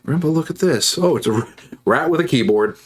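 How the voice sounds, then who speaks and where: A man's voice: fairly high pitch, lively intonation, fast talker. A man chatting casually on a livestream while he builds models, rambling, joking and reacting to messages from chat. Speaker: streamer.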